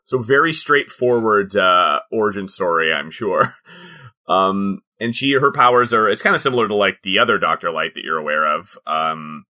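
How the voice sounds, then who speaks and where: A man with a very bright, tense voice talks in a loose, joking way. His pitch rises and falls a lot, and he pads his explanations with plenty of "uh" and "like." He often breaks into laughter. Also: animated, normal speed. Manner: rambling explanations full of fillers, frequent laughter. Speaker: podcast co-host. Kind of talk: casual comedic chat.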